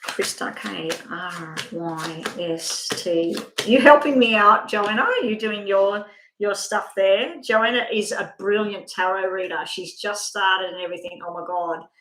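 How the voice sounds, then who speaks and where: Woman, tarot reader, chatty and rambling, mid pitch, echoey room. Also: measured pace, a bit bright, slight background noise. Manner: chatty, rambling, self-interrupting. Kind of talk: live card reading.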